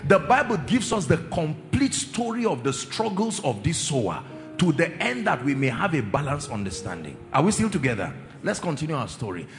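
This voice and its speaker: Male preacher, lively pitch, emphatic and drawn out, long hall reverb, faint music underneath. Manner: emphatic, drawn-out repetitions, asks the congregation questions. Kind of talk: sermon.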